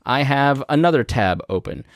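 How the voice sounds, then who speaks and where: A man's medium-pitched, animated voice moves at a moderate pace as he hosts a podcast, talking through a topic step by step in a casual, plain way. He's in his studio, using a studio microphone fed through a podcast mixing board, with no echo.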